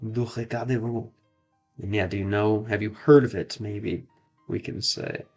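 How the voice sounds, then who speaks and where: A man's voice: fairly low pitch, fairly even intonation, darkish tone, dull audio, faint music behind. A man chatting casually while streaming a game, trying out phrases and often stopping to repeat himself. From United States. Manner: halting, repeats and tries out phrases. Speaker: streamer learning French. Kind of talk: casual gameplay chat.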